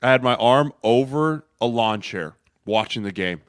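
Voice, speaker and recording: Man, mid pitch, podcast co-host, emphatic and animated, dry close mic. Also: normal speed, clean tone, dry recording. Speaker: podcast co-host, former lineman. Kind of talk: casual sports podcast chat.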